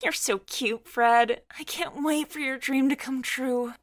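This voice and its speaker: A woman voicing a doting young female friend in a storybook, high and effusive. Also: steady tone, a little slow. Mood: adoring.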